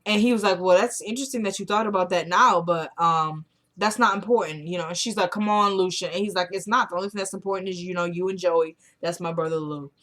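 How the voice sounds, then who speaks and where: A woman's voice: fairly low pitch, quick pace, fairly bright tone. Woman chatting through a tv episode recap, acts out the lines, blunt opinions, pretty casual. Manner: retells scenes in quoted dialogue, chatty and opinionated.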